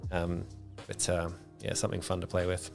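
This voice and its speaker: A man's voice: deep voice, level tone, moderate pace, creaky, music in the background. A man hosting a design livestream, telling rambling stories with lots of fillers in casual chat. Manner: rambling storyteller, many fillers. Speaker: livestream host.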